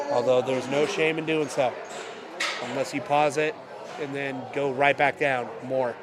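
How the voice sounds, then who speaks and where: A man with a congested voice commenting live on a powerlifting meet, with relaxed, self-correcting play-by-play and dry asides. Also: a little high, brisk, very noisy. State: congested from a cold.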